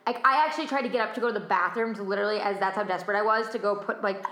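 A young woman telling a story in casual chat, animated and exasperated, acting out the other people's lines. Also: medium pitch, rapid-fire, echoey room.

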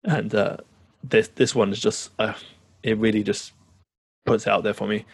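A man's voice: on the low side, steady tone, normal speed, vocal fry, slightly rough, dry recording. A man co-hosting a podcast, chatting eagerly and rambling, swearing now and then. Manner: enthusiastic, rambling, swears casually. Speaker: podcast co-host. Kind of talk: casual chat.

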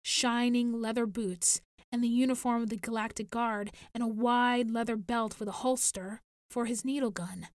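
A woman reading a science fiction story aloud in a measured storytelling manner. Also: on the high side, fairly even intonation, no room sound, studio quality. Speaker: narrator. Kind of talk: audiobook reading.

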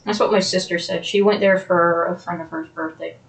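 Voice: mid-range voice, steady tone, a little fast, creaky, rough recording. A young adult co-host of a podcast, chatting casually with friends while scrubbing a stain out of the carpet. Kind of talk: casual chat.

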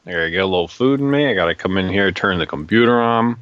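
A man's voice: low voice, lively intonation, fast, no room sound, dull audio. A man co-hosting a podcast, bluntly teasing his partner and talking while chewing. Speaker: podcast co-host. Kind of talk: casual podcast banter. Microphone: remote call mic.

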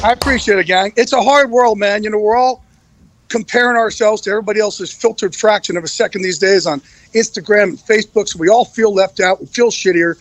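Candid, emotional man, high voice. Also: a little fast, dry recording, rough recording. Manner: candid, emotional, swears freely, repeats himself. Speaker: guest. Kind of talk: casual podcast interview.

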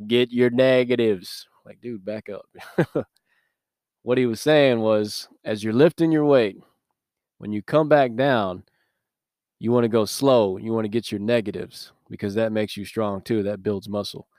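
A man with a low, smooth voice hosts a devotional podcast. He talks in a conversational, earnest way with easy laughs. He is recorded close and dry. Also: a little slow, a little mellow, no room sound. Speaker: podcast host.

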